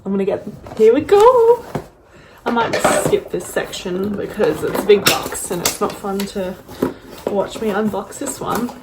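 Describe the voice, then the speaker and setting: A young woman, gushing and gasping with excitement as she unboxes in a casual vlog, sometimes dropping to breathy whispers. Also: mid-range voice, moderate pace, heavy background noise. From Australia. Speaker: vlogger.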